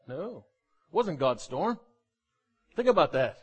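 A man preaching a sermon, animated and jokey, often acting out the voices of the people he quotes. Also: a little high, slow pace, breathy edge, muffled recording. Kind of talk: sermon with humorous asides.

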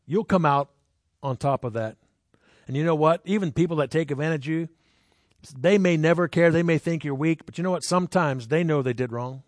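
Conversational male preacher, dry sound. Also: dry recording. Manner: conversational, asks the crowd questions; jumps into high voices when acting out people. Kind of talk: sermon with personal stories.

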